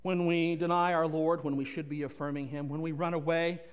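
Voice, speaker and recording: High-voiced preacher in a reverberant hall. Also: male voice, brisk, clear, resonant tone. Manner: animated, repetitive preaching with playful asides. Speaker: pastor. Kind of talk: sermon.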